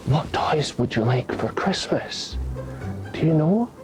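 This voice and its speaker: Scottish guy playing a shy whispery santa, whispered role-play, soft and high, slow, hesitant, music behind. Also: animated. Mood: gentle coaxing. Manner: hesitant, coaxing a small child. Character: stand-in Father Christmas, gentle and shy.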